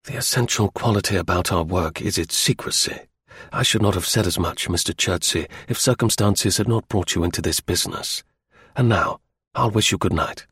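A man reading the part of a stern, cool intelligence chief, measured, formal and curt. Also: deep voice, a bit bright, slightly rough, no echo, exaggerated voice.

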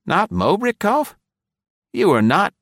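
A man's voice: sits high, huge pitch swings, takes it slowly, a bit bright, no room sound, studio quality, pitched above the performer's own voice, heavily acted. A man voicing a starved, desperate male American prisoner who snarls and stammers. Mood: stunned.

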